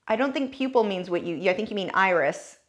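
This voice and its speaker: An American art YouTuber, a woman with a mid-range, expressive voice, speaks a little fast over dull audio. She reads scam messages aloud with casual, sarcastic commentary and wry asides.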